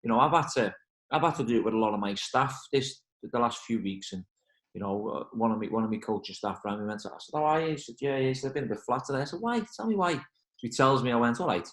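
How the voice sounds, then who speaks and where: A man's voice: medium pitch, fast, roomy sound, low-quality recording. A football manager, chatting in an interview and acting out the voices in his stories. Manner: animated storyteller, acts out quoted voices. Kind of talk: casual interview.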